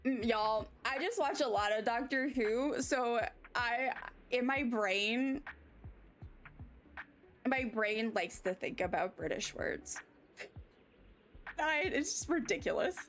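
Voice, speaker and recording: Chatty American woman streamer, higher voice. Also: animated, takes it slowly, long pauses. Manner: chatty, rambling, self-mocking, reacts to chat. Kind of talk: casual live-stream chat reading comments. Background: faint background music.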